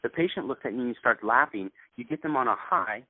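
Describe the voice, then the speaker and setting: A man who owns a clinic, coaching other practitioners in an animated way and acting out what he tells patients. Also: medium pitch, brisk, over music. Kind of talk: conversational sales coaching. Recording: dry, tinny call audio.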